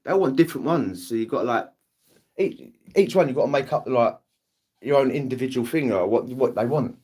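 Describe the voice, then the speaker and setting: Speaking quite fast and expressively, this young English livestream host has a medium-pitched, slightly mellow, husky voice. He rambles in a British accent, swears without restraint, and performs his relatives' lines in casual chat.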